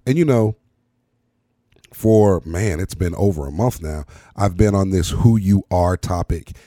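Deep, mellow man giving an emphatic pep talk. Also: a little slow, dry recording, clean studio sound. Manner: emphatic, preacherly, repeats words for effect. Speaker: podcast host. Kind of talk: motivational monologue.

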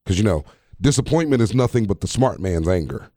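Man, podcast host, preachy casual talk, dry close sound, mellow tone. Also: fairly low pitch, lively intonation, brisk, no room sound. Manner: preachy, repeats phrases for emphasis; chuckles at his own jokes.

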